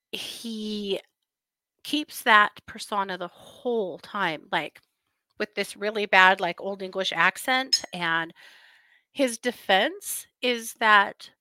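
A woman hosts a casual livestream, telling viewers about a strange crime case in a rambling, laughing way. Her voice is bright and tense, sits in the middle range for pitch, and sounds dry and close with no room echo. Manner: chatty and rambling, laughs often, many asides and restarts. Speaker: livestream host reading viewer comments.

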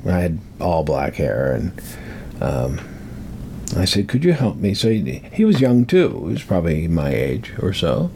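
Slow, meandering older man storyteller. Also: sits low, very animated, warm tone, slight background noise. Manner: meandering, repeats words for emphasis. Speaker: speaker on metaphysics. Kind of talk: rambling storytelling monologue.

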